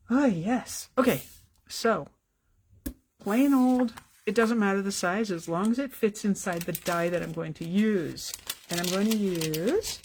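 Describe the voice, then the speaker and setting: A middle-aged woman hosting a live card-making tutorial from her home craft room, chatty and quick, with apologetic asides. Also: fairly low pitch, vocal fry, slight background noise.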